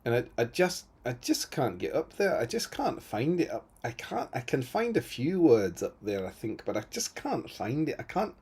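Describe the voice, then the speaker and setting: A man's voice: mid-range voice, very animated, moderate pace, few pauses, darkish tone, breathy edge. A man from Britain co-hosting a tabletop gaming live stream, chatting casually with dry, self-mocking humour.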